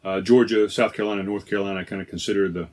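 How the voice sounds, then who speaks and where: A man with a lowish voice hosts a laid-back podcast from inside a trailer. He talks in a loose, chatty way, often stopping to correct himself mid-sentence. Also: steady tone, racing, a little mellow. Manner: rambling, self-correcting, chatty. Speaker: podcast host. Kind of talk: casual beer-tasting chat.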